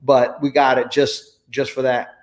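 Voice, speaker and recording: A man's voice: mid-range voice, level tone, unhurried. A man hosting a casual interview, talking in an easygoing, affirming way. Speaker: interview host.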